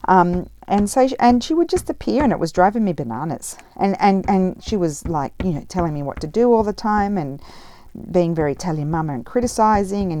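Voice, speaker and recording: A woman's voice: mid-range voice, animated, a little fast, warm tone. A middle-aged woman chatting casually while she crafts, rambling with many fillers. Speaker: craft vlogger. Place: home craft table, indoors.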